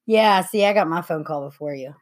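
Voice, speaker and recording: A woman's voice: fairly low pitch, brisk. A woman co-hosting a casual chat, adding dry, wry quips. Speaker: co-host.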